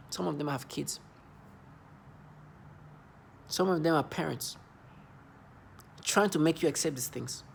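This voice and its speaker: A man's voice: mid-range voice, gravelly, a little hiss or hum. A man in his thirties ranting in an agitated, repetitive, accusing monologue to camera. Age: 30s. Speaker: vlogger.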